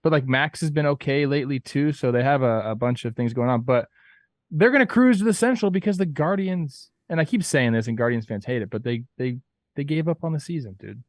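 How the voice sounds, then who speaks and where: A man's voice: medium pitch, quick pace, no echo, studio quality. Laid-back, rambling man talking baseball. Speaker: podcast co-host. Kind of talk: casual sports chat.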